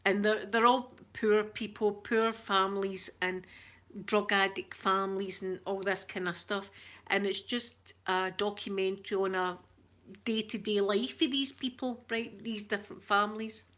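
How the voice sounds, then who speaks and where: A woman's voice: medium pitch, steady tone, a little slow, fairly bright tone. A middle-aged Scottish woman from Scotland, chatting casually to her viewers as an ASMR vlogger and telling stories in a talkative way. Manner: chatty storyteller, addresses viewers as "yous".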